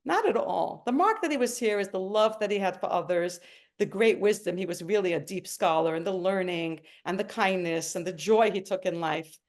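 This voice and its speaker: At home, a middle-aged woman shares her personal story as testimony, speaking earnestly and with emotion. Her mid-range voice keeps a moderate pace.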